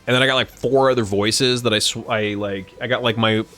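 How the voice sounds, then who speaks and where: A young man live streaming, chatting casually with viewers, animated and swearing freely. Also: on the low side, brisk. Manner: animated, swearing, laughing at his own jokes.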